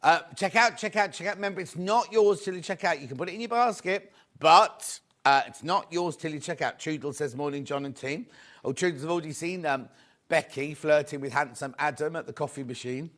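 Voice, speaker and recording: A man's voice: a little high, brisk, fairly bright tone. A man presenting a live shopping show, upbeat and chatty, greeting viewers by name as he sells fabric.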